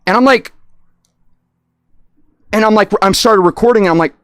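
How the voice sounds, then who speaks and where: A man chatting casually on a livestream, rambling and excitable, often restarting his sentences. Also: high-pitched, moderate pace, clean tone, dry recording.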